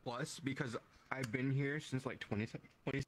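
A man's voice: mid-range voice, fairly even intonation, moderate pace, noisy background. A man chatting casually in a VR game, laid-back and swearing freely. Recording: online voice chat with crowd chatter.

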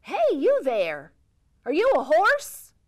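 A bouncy, clueless young cowboy, as a woman puts him on, shouts out to every creature he meets, hunting for a horse. His voice sits high and swoops up and down in a storybook reading. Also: wildly swooping pitch, slow, heavily acted. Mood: eager. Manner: loud, bouncy, calling out.

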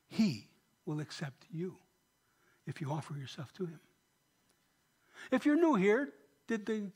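A man's voice: sits high, breathy edge. A man, a pastor, preaching a sermon in a church, emphatic and often asking the congregation questions.

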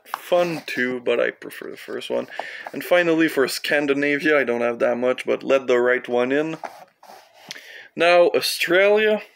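Slow, gravelly Canadian film collector. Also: male voice, medium pitch, fairly bright tone, slight background noise. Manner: rambling, profane, offhand asides. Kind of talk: casual collection walkthrough.

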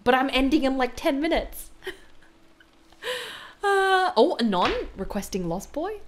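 A woman's voice: sing-song, normal speed. A woman chatting casually with viewers as a music streamer, giggly and playful, often jumping up in surprise. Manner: giggly, playful, bursts of high-pitched surprise.

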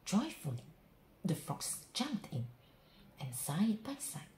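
A woman reading a children's bedtime story aloud in an expressive, sing-song way. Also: sits low, takes it slowly, roomy sound, slight background noise, low-quality recording.

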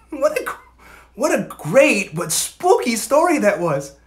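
A woman co-hosting a storybook show, chatting in an animated, playful way. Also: on the high side, slow pace. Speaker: co-host. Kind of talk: casual chat.

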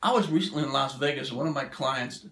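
A man's voice: mid-range voice, fast, fairly bright tone, a little hiss or hum. A middle-aged man giving a motivational keynote talk in a plainspoken, conversational storytelling way. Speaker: keynote speaker. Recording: echoey room.

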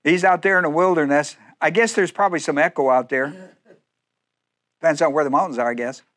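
A man delivers a casual, animated sermon with a somewhat high voice. He slips into the voices of the figures he talks about and laughs at his own asides. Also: brisk. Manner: animated, acts out speakers in first person, laughs often. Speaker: pastor.

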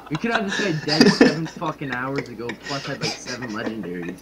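Ranting irish gamer on noisy voice chat. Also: male voice, very animated, brisk. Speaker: gamer raging over voice chat. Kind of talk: casual profane gaming chat. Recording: loud noisy low-quality voice chat.

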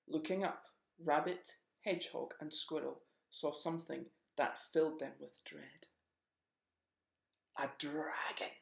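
Gravelly-voiced picture-book storyteller. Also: medium pitch, moderate pace, hardly any pauses, echoey room. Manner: gentle, expressive. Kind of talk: children's picture-book read-aloud.

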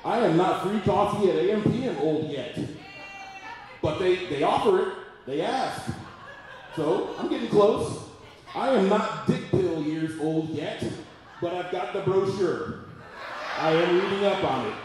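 A man in his forties doing a loud, profane stand-up comedy routine at a live venue. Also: high voice, expressive, unhurried, pauses often. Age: 40s. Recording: echoey room, mic far off, audience noise.

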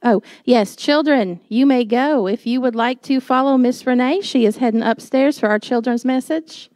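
A woman pastor giving a sermon, telling a personal story in a chatty, animated way and laughing at herself. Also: a little high, normal speed, no room sound.

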